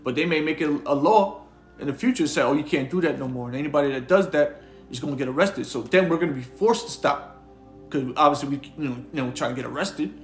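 A man's voice: on the high side, fast talker, echoey room, soft background music. A man preaching an informal sermon, reading scripture aloud and talking in a slangy, conversational way with frequent repeated words. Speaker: street preacher.

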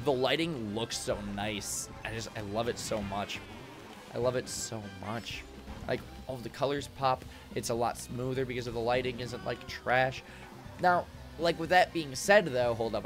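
A young man streaming a game from a home room with acoustic foam, rambling excitably, swearing and laughing often. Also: mid-range voice. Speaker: gaming streamer. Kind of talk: casual live-stream commentary while gaming.

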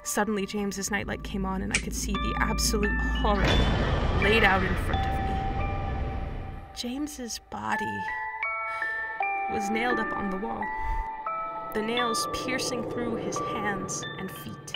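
A woman's voice: mid-range voice, steady tone, unhurried. Woman, horror narrator, dramatic emotional reading, off-mic, heavy music bed. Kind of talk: scripted horror story narration. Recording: distant mic with loud background music.

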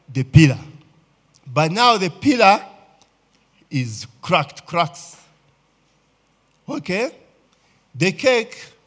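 Husky Ugandan pastor preaching. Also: male voice, on the high side. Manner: conversational preaching, frequent "eh?" and "okay?" checks with the congregation. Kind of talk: sermon.

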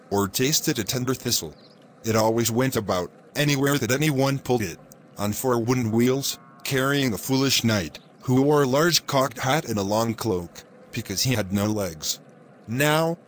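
A man reading a children's story aloud in a steady, measured narration. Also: mid-range voice, slight background noise.

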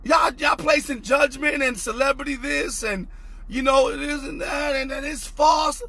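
A young man preaching an impassioned online sermon, fervent and repetitive, often shouting, with a husky voice. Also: extremely high pitch, a little slow, dry recording. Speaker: pastor.

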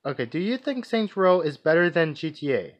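Male vlogger, higher-pitched, rambling and hesitant, muffled lo-fi recording. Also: very animated, fairly quick. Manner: hesitant, many restarts and fillers. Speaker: vlogger answering viewer questions. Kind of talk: casual rambling monologue. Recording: dull lo-fi recording.

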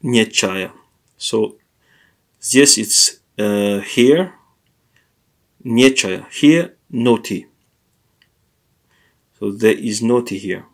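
A man teaching a language lesson, explaining grammar in a hesitant way with many pauses, fillers and self-corrections. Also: lowish voice.

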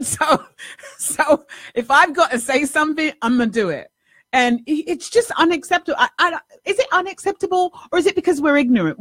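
A woman, host and life coach, telling a story in an animated, casual monologue, acting out the dialogue and swearing now and then. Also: fairly high pitch, no echo, studio quality.

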